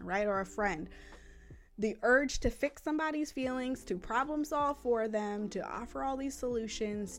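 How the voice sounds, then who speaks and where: A woman hosting a parenting podcast. She talks casually and earnestly, often checks in with a quick "right?", and sounds reassuring. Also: medium pitch. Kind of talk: casual teaching talk.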